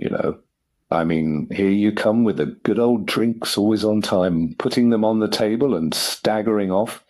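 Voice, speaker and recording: A man voicing a flustered, fussy young English gentleman who dithers and frets. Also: fairly low pitch, pitched above the performer's own voice.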